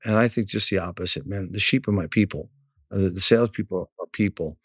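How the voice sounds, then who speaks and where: A car dealership manager speaks frankly in a relaxed interview. His voice sits low, and he often repeats a word as he starts a sentence. The sound is dry and close, with no room echo. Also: quick pace, slightly rough. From New York area. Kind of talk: casual interview talk.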